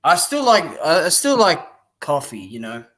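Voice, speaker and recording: A man's voice: fairly high pitch, wildly swooping pitch, moderate pace, a bit bright. A young man giving casual, rambling live-stream commentary on boxing, blunt and swearing freely.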